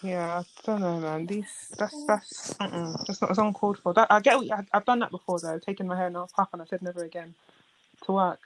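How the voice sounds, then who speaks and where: Animated young woman telling stories. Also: mid-range voice, slight background noise. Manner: animated storyteller, quick to laugh. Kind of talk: casual group chat.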